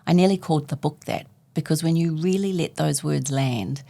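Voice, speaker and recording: A woman's voice: sits low, normal speed, gravelly, mellow. A woman, a guest author telling a personal story in conversation and acting out the dialogue as she goes.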